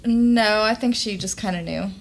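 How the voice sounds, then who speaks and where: A woman with a mid-pitched voice gives short, soft-spoken replies in casual podcast chat. Clear crowd chatter sits behind her. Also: moderate pace. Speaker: podcast co-host.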